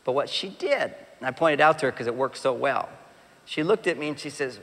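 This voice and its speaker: A middle-aged man giving an animated, joking talk about relationships to a live audience, acting out quoted voices. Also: on the high side, brisk, a faint crowd, a little hiss or hum. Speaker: relationship speaker. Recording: long hall reverb.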